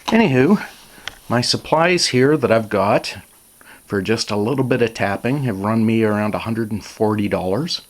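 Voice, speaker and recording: A man narrating a casual vlog at his small off-grid cabin, talking slowly and plainly to himself with sighs and asides. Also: fairly low pitch, dry recording. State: out of breath. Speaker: cabin owner filming his visit.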